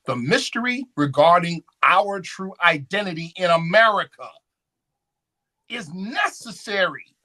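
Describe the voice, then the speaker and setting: A man giving a lecture at a conference, often checking in with the audience with questions. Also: sits high. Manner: animated, call-and-response questions. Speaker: conference speaker. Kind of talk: lecture with slides. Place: conference hall.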